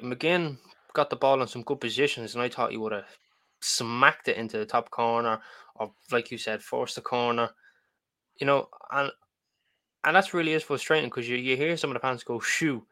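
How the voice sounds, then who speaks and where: A man's voice: medium pitch, a little fast, pushed and bright. A man co-hosting a football podcast, chatting casually with stammered starts. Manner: chatty, stammering starts, acts out fan reactions. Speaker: podcast co-host.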